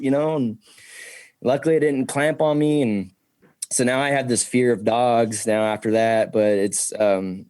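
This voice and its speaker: A man's voice: mid-range voice, normal speed, dry recording, clean studio sound. A young man, a podcast guest, telling wild stories in casual talk, swearing constantly and acting out the voices of the people in them. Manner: excitable, swears a lot, acts out voices in his stories.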